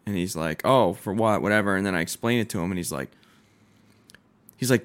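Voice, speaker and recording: A man's voice: on the low side, fairly quick. Young guy telling a story, acting out all the back-and-forth, swears a lot, laughs a bunch. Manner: animated, acts out quoted dialogue, swears freely, laughs often. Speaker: podcast co-host. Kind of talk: casual storytelling chat.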